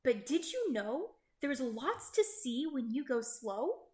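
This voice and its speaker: A woman voicing a kind, cheerful little male truck, gentle and friendly. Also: high voice, sing-song, slow pace, heavily acted. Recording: roomy echo.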